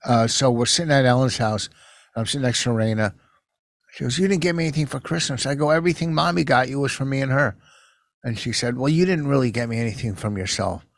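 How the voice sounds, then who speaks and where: A man's voice: medium pitch, fast talker, no room sound, clean studio sound. An older man co-hosting a podcast, telling stories in a rambling, defensive way. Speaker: podcast co-host. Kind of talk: casual chat.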